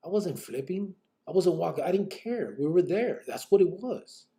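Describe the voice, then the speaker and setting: Gravelly, profane storyteller. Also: male voice, high-pitched, animated, moderate pace, dark tone. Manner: blunt, profane street talk with many fillers. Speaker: podcast host telling his own story. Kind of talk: casual live podcast storytelling.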